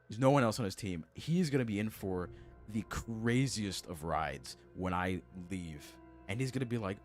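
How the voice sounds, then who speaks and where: A young man streamer in casual chat, venting in an exasperated, sarcastic way. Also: low voice.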